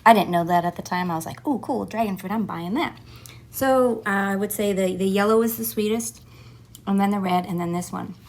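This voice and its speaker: A woman's voice: mid-range voice, fairly quick, a little mellow. Woman gardening vlogger, easygoing chatty tone, talks while chewing sometimes. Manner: chatty, chews while talking at times. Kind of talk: casual home gardening vlog.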